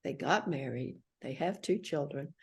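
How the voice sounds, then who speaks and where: A middle-aged woman recounts a personal story as a podcast guest. Her voice sits a bit low, and she slips into the voices of the people she quotes. She tells it with animation. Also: expressive, normal speed, creaky, a little mellow, husky.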